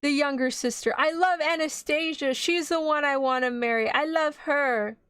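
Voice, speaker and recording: A flustered young nobleman pleading about whom he wants to marry, as a woman quotes him while recapping a cartoon. The voice sits high and clear, and the recording is very dry. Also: moderate pace, fairly bright tone, dry recording. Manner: lightly acted storytelling quote.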